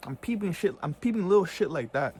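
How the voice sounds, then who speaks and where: Animated and fast, a man with a high-pitched, darkish, slightly rough voice launches into a heated, casual vlog rant. He's full of profane slang and repeated fillers, especially "bro" and "you know what I'm saying."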